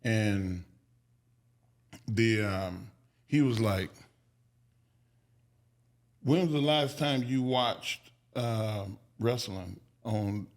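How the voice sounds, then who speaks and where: A man's voice: lowish voice, drawn-out words, long pauses. A man telling stories as a podcast guest, casual and profane, acting out the people he quotes. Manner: animated, acts out quoted people with raised voice. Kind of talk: storytelling in a podcast interview.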